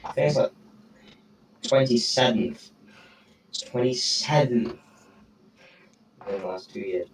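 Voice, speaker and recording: A man's voice: medium pitch, takes it slowly, pauses often, slight background noise, rough recording. A teenage boy telling a rambling, profane story on a casual podcast, tagging his sentences with "right?". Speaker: podcast co-host.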